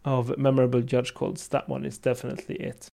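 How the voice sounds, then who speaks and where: With a creaky, mid-range voice and a fairly quick delivery, this podcast host chats casually, laughing a lot as he animatedly tells stories.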